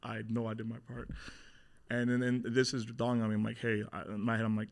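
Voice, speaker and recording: A man's voice: medium pitch, completely flat delivery, fast talker, vocal fry. A man in his thirties telling his story as an interview guest, blunt and swearing often, acting out what people said. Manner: blunt, swears a lot, acts out quotes.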